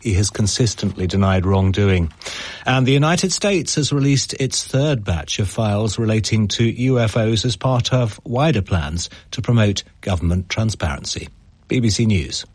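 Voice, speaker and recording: Low-voiced male newsreader. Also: moderate pace, husky, no room sound. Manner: formal, even delivery. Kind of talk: news bulletin reading. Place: studio.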